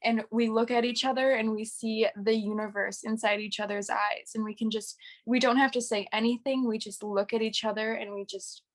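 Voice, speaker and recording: A young woman in her twenties talks as a guest, her voice sitting a little high. She gushes and strings her thoughts together with "like" again and again. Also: fairly even intonation, brisk, few pauses. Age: 20s. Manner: gushing, says "like" often. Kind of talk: casual chat.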